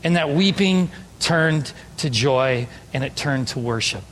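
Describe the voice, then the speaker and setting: A man's voice: on the high side, animated, unhurried, a bit bright, slight background noise. A man preaching an emphatic, story-driven sermon as a pastor. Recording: long hall reverb.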